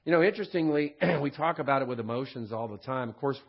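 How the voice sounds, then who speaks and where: A man teaches a Bible lesson in a relaxed, conversational way, often checking in with a quick "right?" and stopping to clear his throat. His voice sits at an ordinary pitch. The recording sounds a little dull and lo-fi. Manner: frequent throat clearing and restarts.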